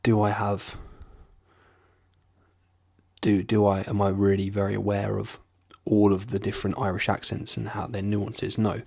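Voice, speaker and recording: A man's voice: fairly low pitch, completely flat delivery, unhurried, creaky, a little mellow, no room sound, clean studio sound. A young man chatting casually to camera in a rambling, sweary, self-deprecating way. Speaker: vlogger doing accents.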